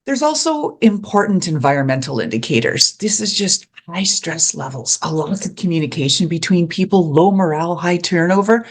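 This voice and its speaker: An animated host speaking directly to the audience in a mid-range voice. The delivery is expressive and conversational, with quick bits of acting when quoting others. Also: medium pitch. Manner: animated, acts out quoted people. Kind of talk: advice talk to camera.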